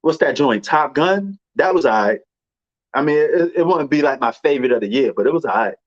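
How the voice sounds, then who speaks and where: A man's voice: mid-range voice, lively intonation, brisk, no room sound, dull audio. A man with a New York accent chatting casually and rambling about movies, full of slang and fillers. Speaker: movie commentator. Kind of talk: casual chat.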